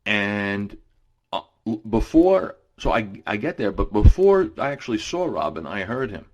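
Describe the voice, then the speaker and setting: A man's voice: lowish voice, sing-song, moderate pace. A man in his forties telling casual anecdotes on radio, rambling with many fillers and restarts. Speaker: radio guest storyteller.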